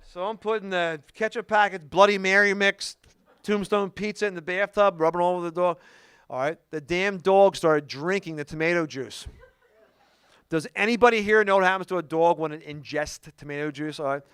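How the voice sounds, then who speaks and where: A man's voice: high voice, moderate pace, a bit bright, clean tone, dry recording. A man performing a stand-up comedy set, telling stories in a punchy way and often checking in with the crowd with "okay?". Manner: punchy storytelling with frequent "okay?" asides. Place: comedy show before a live audience.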